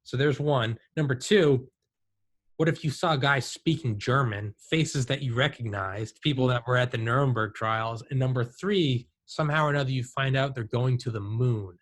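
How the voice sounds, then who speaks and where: Animated man telling stories casually. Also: medium pitch, moderate pace. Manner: animated storyteller, says "dude" and "like". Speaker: podcast host. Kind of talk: casual conversation.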